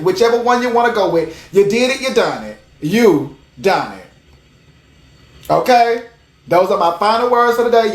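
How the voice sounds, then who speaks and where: Speaking at medium pitch in an echoey room, a livestream host gives casual live commentary to viewers. The delivery is sassy and emphatic, with phrases repeated for effect.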